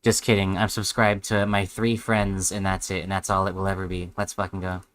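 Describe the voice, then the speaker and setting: A man's voice: low-pitched, flat delivery, brisk, a bit bright. A man streaming a live reaction, sarcastic and rambling, with heavy swearing.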